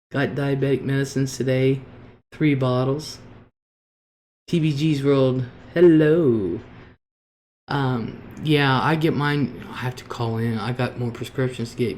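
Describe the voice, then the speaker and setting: A man's voice: mid-range voice, darkish tone, slight background noise. A man hosting a casual livestream, chatting and reading viewer comments aloud before replying. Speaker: livestream host.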